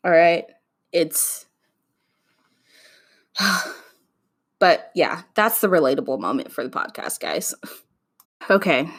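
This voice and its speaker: A woman's voice: fairly low pitch, lively intonation, slow pace, pauses often. A woman in her twenties hosting a casual solo podcast, chatting and ranting straight to her listeners. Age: 20s. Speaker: podcast host.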